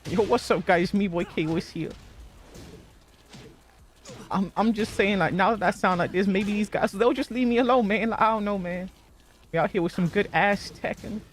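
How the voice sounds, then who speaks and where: A man putting on a goofy, higher "spooky" voice with a laid-back, slangy drawl. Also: normal speed, pauses often, lightly acted. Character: goofy young man's put-on "spooky" voice.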